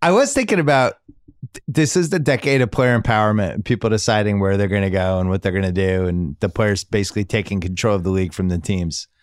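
A man hosting a casual sports podcast, animated and quizzing his guests. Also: quick pace, dry recording, studio quality. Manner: animated, quizzing guests, lists names with rising pitch. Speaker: podcast host.

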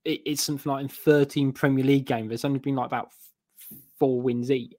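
A man guesting on a casual podcast, talking things through in a rambling, hedging way. His voice sits at an ordinary middle pitch. The sound is dry and close. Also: steady tone, a little fast, dark tone, no echo. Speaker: guest football fan.

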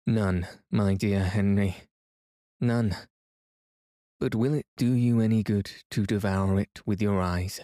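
A stern old professor who will not give up hope, read by a man in his own voice. He speaks in a firm, measured, lecturing way, low-pitched and dark in tone. The sound is dry and close. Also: fairly even intonation, no room sound. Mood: resolute.

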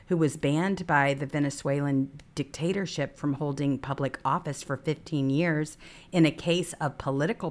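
Lady host, deep voice, fired up about the news. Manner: indignant, reads headlines aloud. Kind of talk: political talk show commentary.

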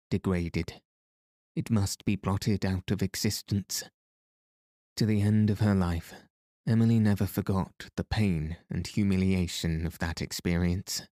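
This male audiobook narrator's voice sits low as he reads scripted narration from a novel. His delivery is measured and expressive, and the studio recording is clean and dry.

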